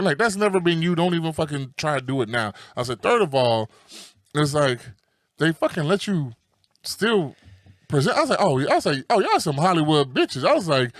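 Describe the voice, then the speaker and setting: A man in his thirties co-hosting a podcast, loud and animated, swearing freely and acting out the quotes he retells. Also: on the high side, moderate pace, dry recording, clean studio sound. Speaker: podcast co-host. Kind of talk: casual chat.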